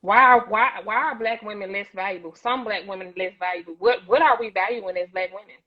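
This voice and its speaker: A woman's voice: medium pitch, brisk, lo-fi sound. A woman on a talk show panel, speaking emphatically and preachily and repeating words as she builds each point. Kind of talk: impassioned discussion.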